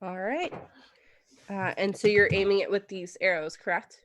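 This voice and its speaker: A woman game master narrates a tabletop fantasy session, talking loosely with lots of fillers. Her voice is mid-pitched and sits close and dry on the mic, with no room sound at all. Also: normal speed, no echo. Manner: casual, relaxed narration with frequent fillers.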